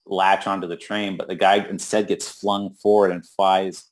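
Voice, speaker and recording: A man's voice: sits low, flat delivery, moderate pace. A man co-hosting a movie podcast in casual chat, retelling scenes with acted-out quotes and dry humor. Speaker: podcast co-host.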